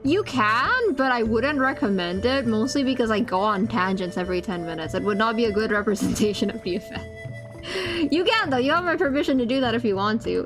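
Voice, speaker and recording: Chatty woman streaming over loud music. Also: on the high side, animated. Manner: rambling, chatty, quick to squeal in surprise. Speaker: streamer playing a game. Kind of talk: casual live-stream chat. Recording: game music behind the voice.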